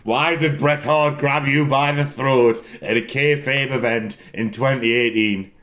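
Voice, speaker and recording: Man, casual solo chat, rambling and giggly, prone to loud laughing fits and swearing. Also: medium pitch, fairly even intonation, measured pace. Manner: rambling, repeats words for comic effect. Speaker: wrestler answering fan questions.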